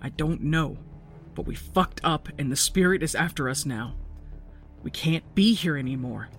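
A woman reading aloud, voicing a desperate young man who shouts orders to his friends in the woods. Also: low-pitched, normal speed, faint music behind, close to an everyday voice.

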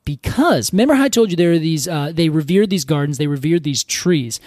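A man's voice: on the high side, animated, a little fast, a little mellow, no echo, clean studio sound. A man co-hosting a podcast, telling stories in an enthusiastic, casual way with lots of "like" fillers. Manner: enthusiastic, storytelling, many "like" fillers. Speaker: podcast co-host. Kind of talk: casual chat.

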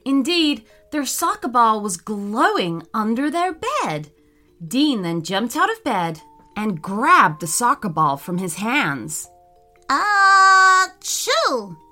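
A woman narrating a children's story in a slow, expressive read-aloud manner. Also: mid-range voice, faint music behind.

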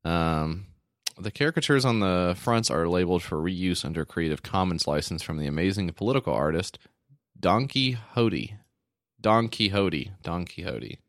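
Deep-voiced man in casual chat. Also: brisk, no room sound, studio quality. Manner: loose and chatty, lots of "like" fillers, reads text aloud. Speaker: podcast co-host.

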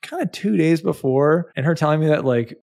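A man's voice: fairly high pitch, expressive, fairly quick, gravelly, darkish tone. Rambling man, guest storyteller. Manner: rambling, heavy with filler words. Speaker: comedian guest. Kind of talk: casual podcast chat.

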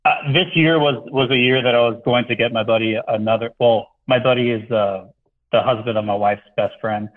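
Male caller on a phone line, earnest, halting, self-deprecating. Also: medium pitch, steady tone. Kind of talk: phone-in advice question.

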